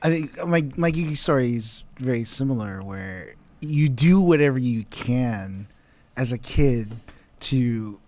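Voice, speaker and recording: A man's voice: mid-range voice, unhurried. Easygoing man telling a story. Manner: relaxed storyteller with frequent laughs and restarts. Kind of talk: casual chat.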